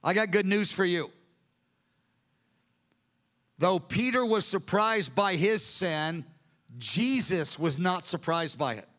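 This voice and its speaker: A male pastor preaching a sermon with animated storytelling. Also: high voice, slow pace, long pauses.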